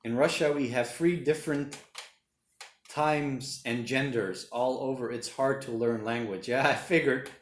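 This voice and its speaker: A man's voice: mid-range voice, a little slow, echoey room. A man hosting a casual livestream, rambling and reading viewer comments aloud. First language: Portuguese. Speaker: livestream host reading chat. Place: home room during lockdown.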